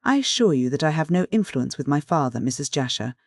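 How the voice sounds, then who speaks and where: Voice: medium pitch, lively intonation, fairly quick, no room sound, clean studio sound. A reader voicing a cool, blunt young woman. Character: cool, frank young woman, engaged to be married. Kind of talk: audiobook dialogue reading.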